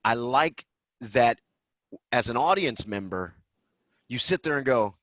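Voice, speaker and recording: An excited man hosts a relaxed podcast talk about a film. He jumps into little acted-out bits as he goes. His voice sounds dry and close, with no room around it. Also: mid-range voice, no room sound. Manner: excited, acts out film lines in quick bursts. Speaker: podcast host. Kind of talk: casual movie discussion.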